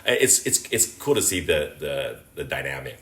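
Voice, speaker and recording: An American man from Los Angeles, a sports host, telling stories in a casual interview. He talks in an animated way, full of fillers, and acts out the shouts of fans. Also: extremely low pitch, normal speed, echoey room. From Los Angeles, USA. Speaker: guest, sports host and entertainer.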